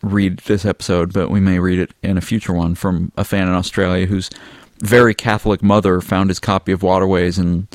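Deep-voiced author hosting a podcast. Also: male voice, little pitch movement, a little fast, no room sound, clean studio sound. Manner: keeps the talk on track, answers listener mail. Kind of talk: casual podcast chat.

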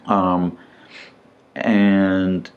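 Podcast co-host, middle-aged man, low and easygoing, rambling chat full of fillers. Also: extremely slow, highs cut off, slight background noise. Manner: relaxed, rambling with fillers and restarts. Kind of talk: casual chat.

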